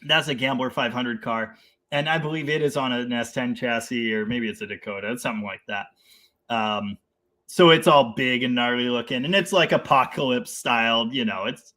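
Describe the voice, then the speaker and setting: A man's voice: mid-range voice, bright, forceful tone. A man hosting a casual live stream about cars, reading out viewer comments, laughing often and rambling with enthusiasm. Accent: Canadian.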